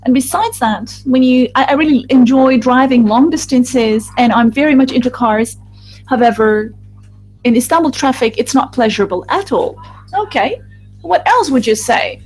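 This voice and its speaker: A woman giving a live voice-over interpretation of a group discussion, speaking in a halting way with restarts and fillers. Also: sits high, darkish tone, faint music behind, rough recording.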